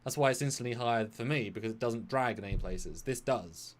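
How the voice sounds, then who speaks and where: A man's voice: mid-range voice, brisk, a little hiss or hum. A man co-hosting a casual live film discussion, arguing his view with jokes along the way. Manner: animated, jokey, argues his point. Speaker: co-host.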